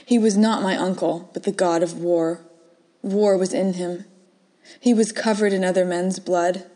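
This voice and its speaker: A woman reading her own first-person short story aloud, soft and measured, dropping to whispers in quiet moments. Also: medium pitch.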